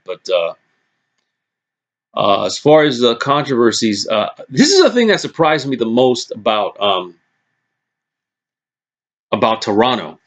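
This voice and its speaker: Excitable swearing man ranting on camera. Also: medium pitch. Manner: excitable, swears a lot, frequent restarts. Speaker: vlogger recapping press conferences. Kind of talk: casual profane rant.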